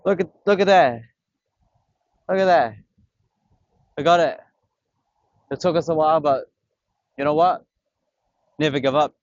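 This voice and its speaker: A young man, excitedly filming himself fishing on a beach, swearing and talking in slang. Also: fairly high pitch, slow pace, long pauses, no echo, dull audio. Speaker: vlogger. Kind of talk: casual fishing vlog commentary. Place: outdoors on a beach by the water. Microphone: camera on a tripod.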